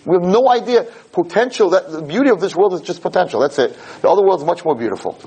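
Lively husky-voiced man teaching. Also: high-pitched. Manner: animated, repeats words as he builds a point; acts out parents and kids in quick asides. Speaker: Torah lecturer. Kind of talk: podcast Torah class.

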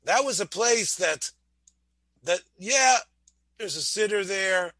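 High bright-voiced man teaching a class. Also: expressive, slow pace, no echo. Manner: repeats and restarts words, asks the listeners questions. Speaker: rabbi giving a Torah class. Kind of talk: Torah lecture.

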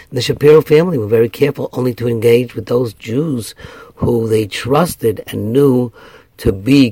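A man's voice: mid-range voice, dark tone, husky, dry recording. A man, a rabbi, delivering an earnest sermon that weaves in a story and builds to raised, emphatic passages.

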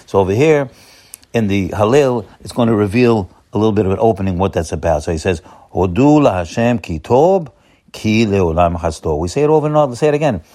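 A man giving a Torah sermon in an animated way, with many restarts and emphatic peaks. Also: lowish voice. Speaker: rabbi.

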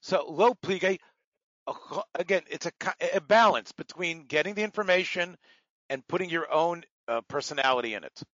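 A man's voice: on the high side, expressive, normal speed, a bit bright, no room sound, muffled recording. A man teaching a Talmud class, explaining Aramaic words patiently, with digressions and many fillers. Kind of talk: lecture with asides.

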